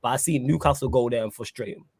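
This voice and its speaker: A man's voice: mid-range voice, fast, a little mellow, slightly rough, no echo. A man hosting a casual football chat, laid-back and reading out viewer comments. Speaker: host.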